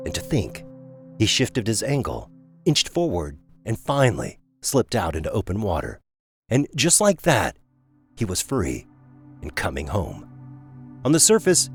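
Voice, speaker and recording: A male narrator reads a scripted story recap in a reflective tone. His pitch swings widely, rising and falling through each line. Soft music sits faintly behind him.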